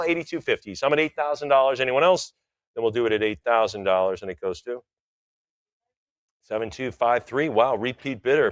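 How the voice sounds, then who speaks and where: A man's voice: medium pitch, a bit bright, no echo. Man calling bids at an auction. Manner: rapid rhythmic bid chanting with joking asides.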